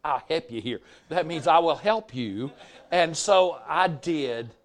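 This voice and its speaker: An older Southern man preaching from the pulpit, his voice pitched high for a man. He tells stories with animated storytelling and acts out the people he quotes. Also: slow. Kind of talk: sermon storytelling.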